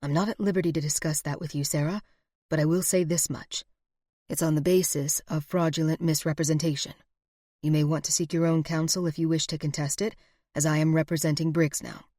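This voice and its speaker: A woman voicing a middle-aged man, a formal frontier lawyer, speaking in a measured, evasive way. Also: deep voice, fairly even intonation, mellow, dry recording, studio quality. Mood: cool. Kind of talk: audiobook character voice.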